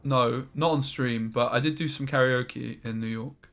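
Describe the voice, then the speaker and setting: Bright-voiced Essex man streaming. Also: mid-range voice, fairly even intonation, a little slow, creaky. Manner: casual, chatty, sweary, talks to chat. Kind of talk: live gameplay commentary.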